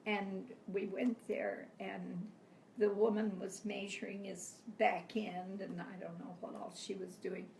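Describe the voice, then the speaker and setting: An older grandmother reminisces in a gentle, reflective way, her voice gravelly and on the edge of tears. She sounds distant from the mic in an echoey home room with a faint hiss behind her. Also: mid-range voice, flat delivery, a little slow. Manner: gentle, reflective storytelling with frequent soft laughs. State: close to tears. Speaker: grandmother interviewed by family. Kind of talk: personal storytelling.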